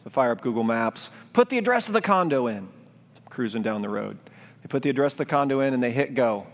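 A man preaching a sermon as pastor, speaking in a gentle, reflective, pleading way. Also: medium pitch, lively intonation, fairly quick. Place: church sanctuary, live-streamed. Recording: long church-hall reverb.

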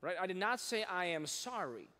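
A male pastor preaching in an animated way and reading scripture aloud with emphasis. He has a slightly high voice and coaxes his listeners to repeat phrases back to him. His voice rings out with a long reverb from a large church hall. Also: moderate pace. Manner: reads scripture in old-fashioned wording with rising emphasis. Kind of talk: sermon.

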